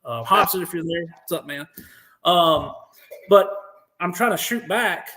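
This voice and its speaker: American male guest, slightly high voice, animated, swears freely, acts out what others said. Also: a little slow. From United States. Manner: profane, animated, acts out quotes. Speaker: podcast guest, veteran. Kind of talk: interview storytelling.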